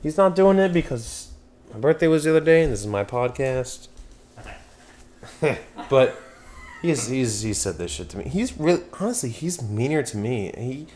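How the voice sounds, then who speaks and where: A man's voice: medium pitch, lively intonation, moderate pace, pauses often, a little mellow, a little hiss or hum. A young man from Pennsylvania hosting a podcast, chatting casually, rambling, swearing and losing his train of thought. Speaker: podcast host. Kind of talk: casual chat.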